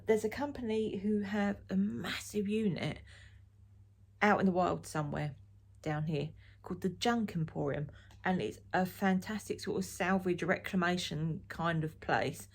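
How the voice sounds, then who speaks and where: Middle-aged woman rambling on about books and yarn, low voice, bit of fry. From Essex, England. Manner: chatty, rambling, frank opinions. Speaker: knitting vlogger. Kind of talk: casual chat to camera.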